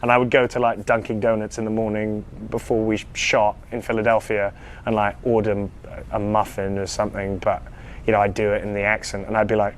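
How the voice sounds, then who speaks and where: A young British man, an actor, chatting casually in a live fan Q&A, telling stories in an animated, self-amused way with frequent ums and restarts. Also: fairly low pitch, fairly quick, a little hiss or hum. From United Kingdom. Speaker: actor answering fan questions.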